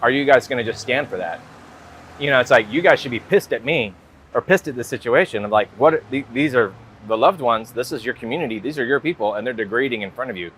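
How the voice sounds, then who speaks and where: Speaking fast in a medium-pitched, fairly bright voice, an American guest artist rambles casually through an interview. "Like" and "you know" crop up constantly, and there's a faint hiss or hum.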